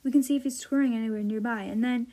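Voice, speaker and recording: A woman's voice: a little high, steady tone, quick pace, dark tone, natural voice. A woman voicing Ava, a curious, questioning young girl, in a storybook reading. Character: Ava, thoughtful young girl with a magic pencil.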